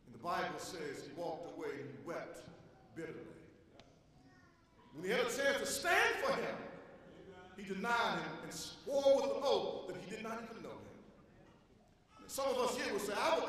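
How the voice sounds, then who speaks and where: A man preaching a sermon, swinging between loud, high bursts and low, quiet stretches. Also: animated, moderate pace, long pauses, a little hiss or hum. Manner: preaching with dramatic swings in pitch and volume. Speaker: pastor. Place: church sanctuary. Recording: echoey hall from a distance.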